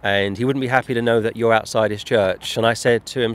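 A man, a street preacher, recounting trips in a measured, wry way during a casual chat. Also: mid-range voice, steady tone.

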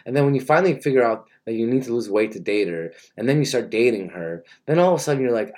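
A man's voice: mid-range voice, expressive, fast, hardly any pauses, a little mellow. A young man giving a rambling, mock-earnest comedic monologue and interrupting himself often.

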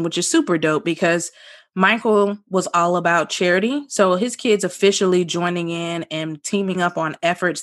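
A podcast co-host chatting casually and animatedly, with many fillers and sudden jumps in pitch. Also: a bit bright.

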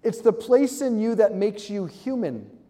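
A man giving an animated, joking talk to a live audience, acting out quick voices. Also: high voice, long reverb tail. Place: large hall with audience.

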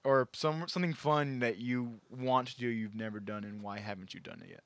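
A man talks quickly with a bright, forceful tone and an upbeat manner. He hosts a casual group chat and keeps prompting the others in a dry, close sound. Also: mid-range voice, fairly even intonation, dry recording. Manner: upbeat, steers the talk, asks questions. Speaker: podcast host.

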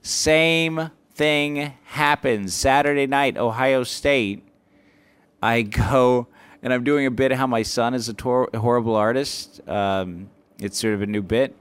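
A man who works as a stand-up comic, telling stories in casual chat and acting out the exchanges with sharp jumps in pitch. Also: measured pace, clear, resonant tone, dry recording. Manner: animated, acts out exchanges with rising pitch.

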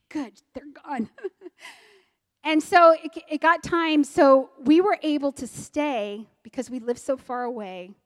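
Woman, middle-aged, earnest testimony, fairly high voice, big hall echo. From Maryland, US. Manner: earnest storytelling, swings loud to soft. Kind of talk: personal testimony. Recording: long hall reverb.

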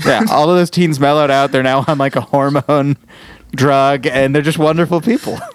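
A man's voice: mid-range voice, steady tone, a little hiss or hum. A man co-hosting a casual chat, riffing on jokes and tangents. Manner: joking, quick riffs and tangents. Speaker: podcast co-host.

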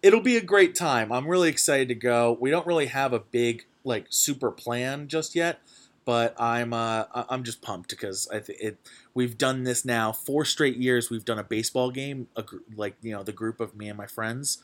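A young man hosting a podcast, chatting casually and excitedly, with lots of fillers and restarts. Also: mid-range voice, moderate pace. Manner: rambling, full of fillers, excitable. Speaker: podcast host. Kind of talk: casual chat.

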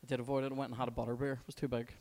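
A man's voice: medium pitch, flat delivery, rapid-fire, darkish tone. A man in casual chat, blunt and sweary in his banter.

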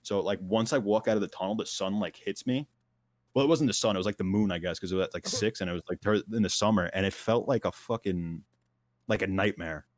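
A man's voice: fairly low pitch, fast, no room sound. A young man telling a long, wild story in casual chat, full of slang, fillers and laughs at himself.

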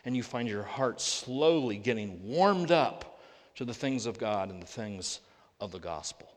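A pastor preaching a sermon, earnest and full of rhetorical questions, slowing down to read scripture aloud. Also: male voice, on the low side, animated. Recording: long reverb of a large hall.

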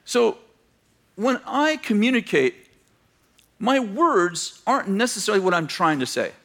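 A male pastor preaching to his church, with a voice pitched a little high for a man. He tells stories and acts out the people in them, dropping in joking asides along the way. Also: lively intonation, unhurried, vocal fry, a bit bright. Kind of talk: sermon.

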